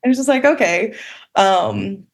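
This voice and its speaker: A woman's voice: fairly low pitch, steady tone, moderate pace. Candid woman telling her story. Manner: candid, frequent "like" fillers, occasional swearing. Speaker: podcast guest. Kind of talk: casual personal storytelling.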